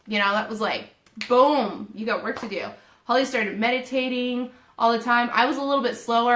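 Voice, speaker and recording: Animated young woman telling a story, roomy. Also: medium pitch. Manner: animated, emotional retelling with quoted inner voices. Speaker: spiritual video host. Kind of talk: casual personal storytelling. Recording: roomy echo.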